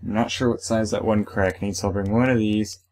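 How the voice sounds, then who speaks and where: A young man hosts a let's play, chatting casually while he plays, reading the game's text aloud and letting out playful exclamations. His voice is fairly low and darkish, with fairly even intonation and a slightly fast pace.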